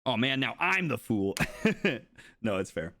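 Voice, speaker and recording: A man streaming live, casually telling a story to his chat, swearing freely and acting out what others said in a higher voice. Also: sing-song, unhurried, sharp tone, slight background noise.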